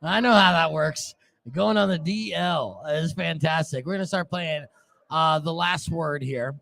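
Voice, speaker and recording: A man hosting a live game at a bar event, teasing the players with a quick, playful announcer delivery. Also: on the high side, creaky, fairly bright tone. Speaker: radio host running a live game.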